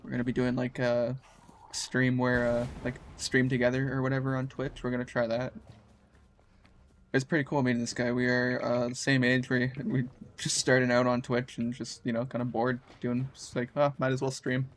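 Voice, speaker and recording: Streaming a game, a man from Canada talks casually in a monotone, mid-range voice at normal speed. His voice is groggy from just waking up, and he speaks in a loose, slangy, rambling manner.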